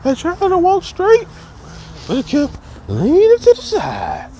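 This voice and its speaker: A man voicing a gruff chain-smoking older male schoolteacher, barking the same phrases over and over in a squeaky, dead-serious way. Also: wildly swooping pitch, a little slow, dark tone, slight background noise, heavily acted. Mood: deadpan.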